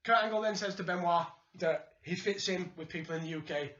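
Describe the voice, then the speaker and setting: A man with a Yorkshire accent chatting as a podcast co-host, animated, laughing often and acting out quotes. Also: high voice, a little fast, crowd noise. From England. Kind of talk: casual chat reviewing wrestling. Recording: roomy, slightly dull sound.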